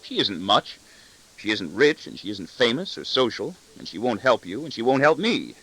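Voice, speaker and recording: A man's voice: mid-range voice, very animated, moderate pace, sharp tone, breathy edge, full character voice, low-quality recording. A man voicing an arrogant, cutting corporate boss in an audiobook, with a sardonic, self-satisfied delivery. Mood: scornful. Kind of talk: audiobook reading.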